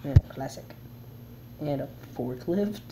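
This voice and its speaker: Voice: medium pitch, animated, unhurried, background noise. A player giving casual gameplay commentary, reading the game's text aloud and chuckling at it along the way. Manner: reads game text aloud with chuckling asides. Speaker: game player.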